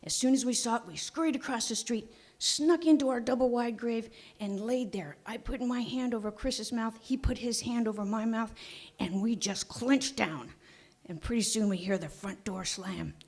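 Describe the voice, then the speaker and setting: A woman telling a childhood story on a small theater stage, animated, with dramatic pauses and hushed asides. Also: on the high side. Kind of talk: live storytelling performance.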